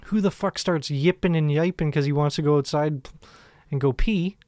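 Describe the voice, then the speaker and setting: A man's voice: fairly high pitch, normal speed, a little mellow, dry recording, studio quality. A man co-hosting a casual podcast, telling rambling profane stories and laughing often. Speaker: podcast co-host.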